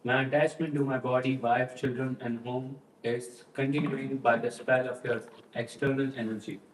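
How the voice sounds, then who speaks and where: A man in a class reading a translation aloud in a steady voice. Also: medium pitch, normal speed. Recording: echoey room, faint noise.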